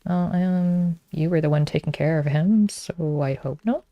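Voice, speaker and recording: A woman's voice: deep voice, a little slow, warm tone, no room sound. A woman streaming a game, chatting casually and teasing her viewers.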